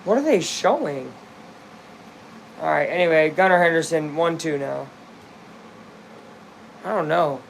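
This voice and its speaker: A young man giving casual play-by-play as he watches a baseball game live, rambling between pitches and bursting into shouts at big hits. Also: lively intonation, measured pace, creaky, long pauses, slight background noise. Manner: chatty, rambling, erupts into shouts at big plays.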